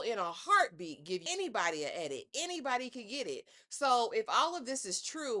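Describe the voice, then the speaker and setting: A woman recaps a reality show in casual vlog commentary. She talks with sass and drama, landing pointed rhetorical jabs. Her voice is bright and forward. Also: medium pitch.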